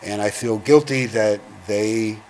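An older man with a lowish voice recounts memories in a slow, halting, reflective way. A faint hum sits behind him. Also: a little mellow. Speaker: veteran interviewee. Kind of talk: oral history interview.

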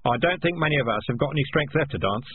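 A worn-out but resolute rat leader , as a male narrator voices him, barks short, brisk orders in a raised, higher voice. The sound is thin and phone-like with a faint hiss. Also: animated, lightly acted. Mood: gruff.

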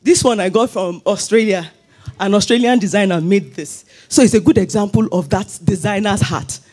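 A woman's voice: medium pitch, moderate pace, darkish tone. A woman pastor, preaching a fervent sermon in church and slipping into sung phrases.

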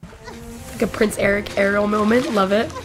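A woman's voice: mid-range voice, steady tone, moderate pace, noisy background. A young woman giving casual, emotional commentary while she watches a movie, gushing and exclaiming, sometimes whispering. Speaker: movie reaction vlogger.

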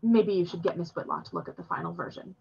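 A woman voicing a proud, quick-tempered immigrant father who talks curtly and sharply. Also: fairly low pitch, gravelly, darkish tone, highs cut off, slight background noise. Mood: softened.

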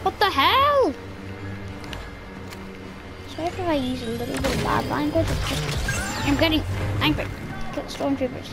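A woman giving gameplay commentary on her channel, excitable and talking to herself as she plays. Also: high voice, a little slow, gravelly, pauses often, loud music behind the voice. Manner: excitable, talks to herself while playing. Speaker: gaming YouTuber.

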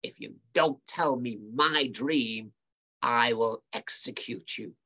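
A man voicing a demanding ancient king who gives stern orders, in a husky voice, while telling a story to a family congregation. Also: medium pitch, slow, sharp tone, muffled recording, full character voice. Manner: stern, commanding.

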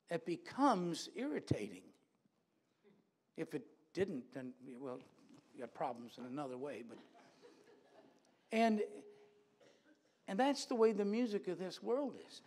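A man's voice: high-pitched, big pitch swings, measured pace, long pauses. A man preaching a sermon in a church, earnest and repeating phrases for emphasis.

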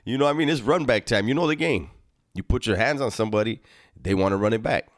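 A man's voice: on the low side, fast, no echo, studio quality. A man hosting a casual chat, teasing and commenting on a guest's story. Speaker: podcast host.

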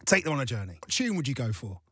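A man's voice: medium pitch, sing-song, quick pace, bright, forceful tone, breathy edge, dry recording. A man hosting a radio interview in a studio, upbeat and playful, teasing his guest. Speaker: radio host.

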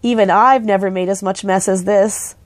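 A woman voicing a cheeky, excitable young boy in a storybook reading. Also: medium pitch, normal speed, lightly acted.

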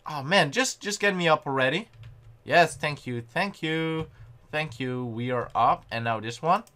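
A young man giving excitable, panicky gameplay commentary and often mocking his own mistakes. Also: a little high, measured pace. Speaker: gaming channel host.

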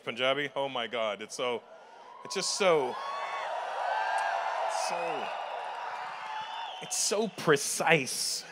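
A man's voice: fairly high pitch, background noise. A man doing stand-up crowd work at a live show, teasing audience members in a playful way and laughing often. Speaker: stand-up comedian. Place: large live comedy venue with audience.

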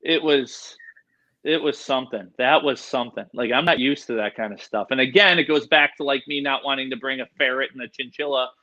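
Animal educator, male, excitable storyteller, bright tense voice, muffled lo-fi call audio. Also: medium pitch, a little fast. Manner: excitable, animated, swears casually, mimics people. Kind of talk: casual interview storytelling.

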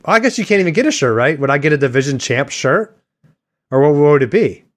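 A man's voice: a little high, expressive, quick pace. A man hosting a sports podcast, rambling and joking in casual chat with a co-host.

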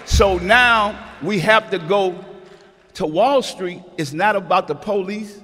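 A middle-aged man talks in a high, bright register. He preaches his point with emphatic storytelling that keeps climbing into shouts. His voice carries a long hall reverb. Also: slow pace. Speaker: guest speaker. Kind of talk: animated motivational talk.

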